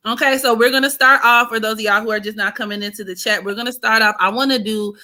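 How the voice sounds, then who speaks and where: A woman hosting a casual livestream, greeting chat viewers and reading astrology charts in an animated way. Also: fairly high pitch, fast talker. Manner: animated, greets chat by name, breaks into singing. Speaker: livestream host and astrology reader.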